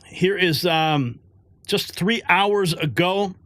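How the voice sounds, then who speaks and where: A man's voice: high-pitched, slow, a bit bright, no echo, clean studio sound. A man hosting a political news show, talking casually and joking between segments. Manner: joking, chatty asides.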